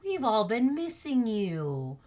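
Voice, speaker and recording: A woman voicing a tiny, friendly worm with a soft, small voice. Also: fairly high pitch, very animated, slow pace. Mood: kindly.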